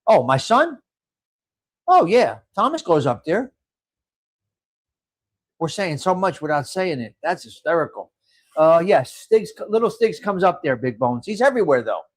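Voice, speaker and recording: A middle-aged man hosts a casual live stream, chatting with viewers and reading their comments aloud. His voice sits high, swoops up and down a lot, and he rambles and laughs easily. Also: sing-song, measured pace, long pauses. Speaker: livestream host.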